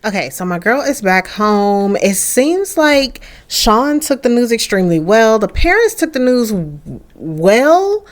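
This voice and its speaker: A young woman gives chatty let's-play commentary on a life-sim game. Her voice sits on the higher side and bounces with lively pitch. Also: unhurried, hardly any pauses. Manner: chatty, animated. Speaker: gaming creator.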